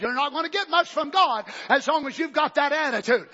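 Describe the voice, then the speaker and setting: A man preaching a fiery revival sermon, bursting into shouts and then dropping low and conversational. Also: fast, hardly any pauses, long reverb tail. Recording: dull lo-fi recording.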